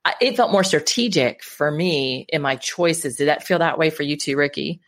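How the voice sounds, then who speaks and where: A woman's voice: low voice, moderate pace. A woman co-hosting a casual group chat, encouraging the others and asking follow-up questions.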